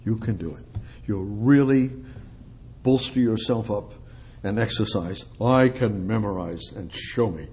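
A man preaching an expository sermon, reading scripture aloud, loud and emphatic at times, then dropping low and quiet. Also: measured pace.

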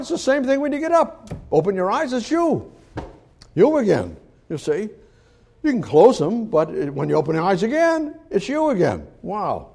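A man preaching a sermon on scripture, emphatic and repetitive, swinging from loud pleas to quiet asides. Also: sits high, slightly rough.

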